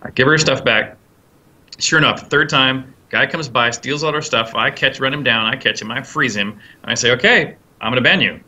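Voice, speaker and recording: Man, game designer, interview, bright ringing tone, rambling with fillers. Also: medium pitch, normal speed. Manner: rambling, many fillers and restarts, acts out quotes. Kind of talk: interview answers, storytelling.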